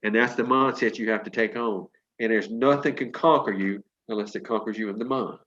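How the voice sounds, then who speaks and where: A man's voice: fairly low pitch, fairly even intonation, brisk, fairly bright tone, highs cut off. A man in his sixties giving an emphatic, preachy motivational pep talk to a sales team over a video call, with folksy storytelling.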